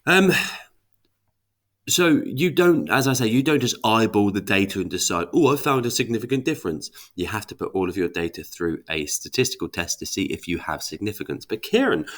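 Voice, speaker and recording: A man's voice: deep voice, a bit bright. A young man with a sniffly cold, teaching psychology statistics over slides in a chatty way with emphatic rhetorical questions.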